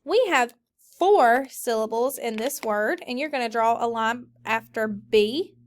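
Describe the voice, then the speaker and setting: A woman teacher leading a recorded phonics lesson, slowly modeling and stretching out each word for students. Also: on the high side, expressive. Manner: slow, drawn-out modeling of words.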